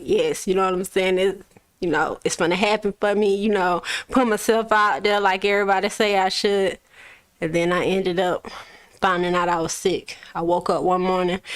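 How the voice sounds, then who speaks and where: With a lowish voice, the young Florida recording artist relaxes into a casual interview about her story. She laughs often and curses freely along the way.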